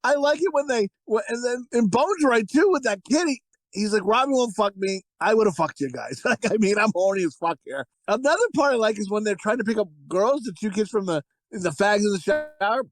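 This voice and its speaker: A man co-hosting a casual movie review podcast, talking in a crude, profane, rambling and excitable way. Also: sits high, brisk, dry recording, poor audio. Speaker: podcast co-host.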